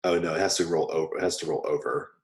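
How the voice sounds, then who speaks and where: Deep-voiced man running a tabletop game. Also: level tone, fast talker. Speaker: game master. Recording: roomy echo.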